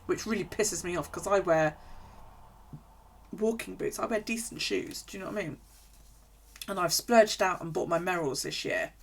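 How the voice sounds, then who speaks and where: Journaling on a live stream, a woman chats casually, rambling through stories and swearing freely. Her voice is fairly low-pitched and creaky.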